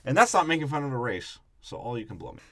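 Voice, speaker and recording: A man's voice: mid-range voice, sing-song, bright, forceful tone. A man co-hosting a podcast, breaking down a movie in casual, crude, joking chat. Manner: crude, joking, trades quick riffs and impressions. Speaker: podcast co-host.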